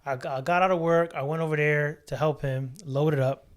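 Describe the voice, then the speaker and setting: Male podcast co-host, quick animated storyteller, swears freely. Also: fairly high pitch. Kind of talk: casual chat, storytelling.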